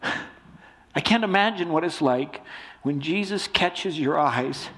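A male pastor preaching a sermon with a stuffy nose, swinging between loud emphasis and soft hushed lines. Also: fairly high pitch, animated, takes it slowly.

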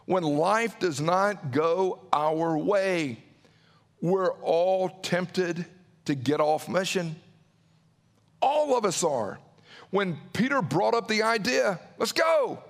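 High-voiced man preaching a sermon. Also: creaky, long reverb tail. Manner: preaching with acted-out quotes and dramatic pauses. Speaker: pastor.

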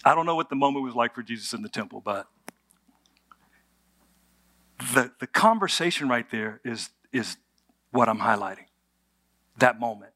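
A male pastor delivers a relaxed, conversational sermon. He speaks at a moderate pitch, leans on humor and rhetorical questions, and keeps a storytelling flow. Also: a little fast.

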